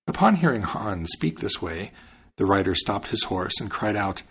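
A man hosting a podcast, reading a fairy tale aloud in an expressive storytelling manner. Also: lowish voice, normal speed, breathy edge. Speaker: podcast host and reader.

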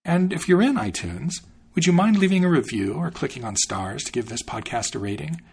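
A man narrating a fairy tale in an expressive storybook style, then hosting his podcast. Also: on the high side, brisk, breathy edge.

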